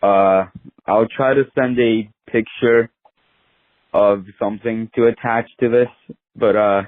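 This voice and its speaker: On a phone voicemail line, a young man speaks slowly in a low, fairly even voice, meandering through a story full of "like." The audio is dry, narrow, and tinny.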